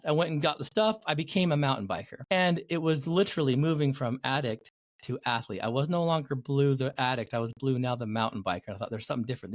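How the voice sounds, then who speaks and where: Brief: male podcast host, expressive storyteller, medium pitch, dead-dry studio sound. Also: no room sound. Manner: animated storyteller who acts out quoted voices. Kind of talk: podcast interview.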